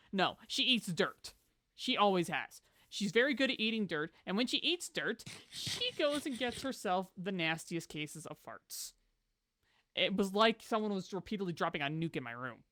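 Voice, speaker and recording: Bright-sounding streamer rambling playfully to chat while gaming, close dry mic, yells now and then. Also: medium pitch, dry recording. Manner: chatty and playful, talking to chat and pet; bursts into loud exclamations. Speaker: live streamer. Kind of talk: casual gameplay chat.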